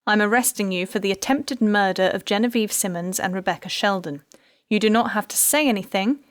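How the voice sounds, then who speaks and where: A woman voicing a composed female police detective in an audiobook, speaking with calm authority. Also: medium pitch, moderate pace, dry recording, studio quality, natural voice. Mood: authoritative. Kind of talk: audiobook character reading.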